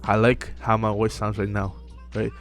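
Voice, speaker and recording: A young man giving casual self-improvement advice to camera, relaxed and full of fillers, often checking in with "right?". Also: lowish voice, normal speed, faint music behind. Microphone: close mic.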